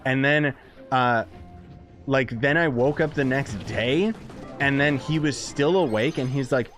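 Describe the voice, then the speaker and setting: Rambling, excitable male game streamer. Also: on the high side, unhurried, pauses often, soft background music. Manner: excitable, rambling, chats with viewers while playing. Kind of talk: casual live-stream chat.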